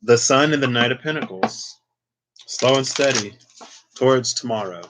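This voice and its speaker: A man's voice: mid-range voice, normal speed, background noise. Chatty man giving a tarot reading. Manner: chatty, lots of "like" and playful asides. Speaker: tarot reader.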